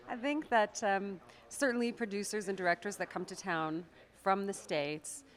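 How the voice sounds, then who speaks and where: A woman's voice: medium pitch, unhurried. A woman with a Canadian accent, an actress and accent coach, explaining and demonstrating pronunciation in an interview. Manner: explanatory, demonstrates words aloud, laughs often. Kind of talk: interview answers.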